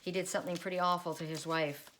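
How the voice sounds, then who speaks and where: Woman card reader, middle-aged, low-ish voice, thinks out loud and repeats messages as she goes. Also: steady tone, fast, slight background noise. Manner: musing aloud, repeating card messages, rambling asides. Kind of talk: solo oracle card reading.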